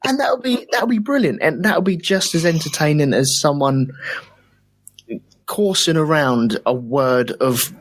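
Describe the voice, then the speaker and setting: A man guesting on a casual podcast chat, telling stories in an animated way. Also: a little high, a little slow.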